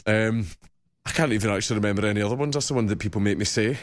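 A man chatting casually as a studio guest on a radio show, relaxed and quick to laugh. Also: lowish voice. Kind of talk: casual chat.

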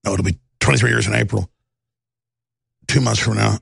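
A male radio talk show host, ranting in a heated monologue with stammered restarts and bursts of shouting. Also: lowish voice, steady tone, brisk, dry recording. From Texas. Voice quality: gravelly.

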